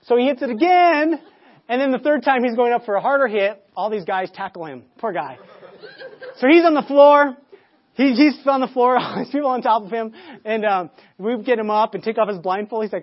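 Man preaching a sermon, halting storyteller. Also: very high-pitched, lively intonation, muffled recording. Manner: storytelling, many repeated words and restarts; loud bursts when acting out shouts. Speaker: pastor.

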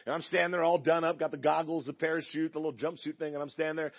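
Male pastor, high husky gravelly voice, chatty joking sermon storyteller. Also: level tone, rapid-fire, lo-fi sound. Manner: chatty, jokey, acts out quoted voices.

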